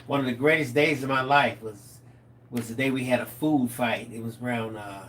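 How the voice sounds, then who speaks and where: A middle-aged man co-hosting a live stream, telling stories in a lively, animated way. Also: medium pitch, moderate pace, slight background noise. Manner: animated storyteller, acts out quotes. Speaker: co-host of a live craft stream. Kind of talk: casual storytelling chat.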